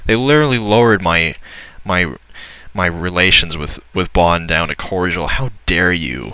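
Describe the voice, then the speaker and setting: Deep-voiced man grumbling through gameplay. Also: normal speed, bright, forceful tone, dry recording, rough recording. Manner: grumbling at the game, swearing, exasperated asides. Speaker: let's player. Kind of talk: gameplay commentary.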